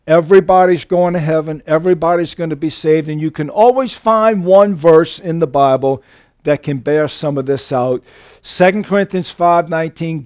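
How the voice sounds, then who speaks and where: A man's voice: fairly high pitch, a little mellow. A man preaching a sermon, teaching through scripture verse by verse and stressing key words with emphasis.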